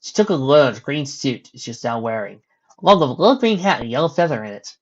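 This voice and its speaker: A reader narrating a fan story in a plain middle-pitched voice, dropping casual asides between passages. The recording is muffled and lo-fi. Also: lively intonation, fast talker. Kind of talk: reading a fan story aloud. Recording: dull lo-fi recording.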